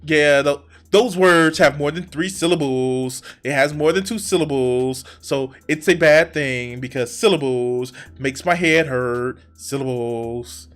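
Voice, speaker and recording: A man's voice: fairly high pitch, a little slow, hardly any pauses, fairly bright tone, soft background music. A man hosting a reaction commentary, exasperated and profane, who stammers and restarts his sentences. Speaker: reaction video host.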